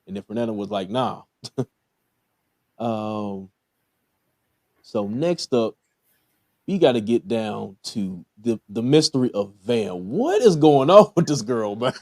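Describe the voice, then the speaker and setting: A man's voice: lowish voice, lively intonation, slow, pauses often, darkish tone, dry recording. A man with a Southern US accent, casually hosting a TV episode review, talking in a laid-back way with many fillers and chuckling at his own jokes. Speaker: podcast host reviewing a TV episode.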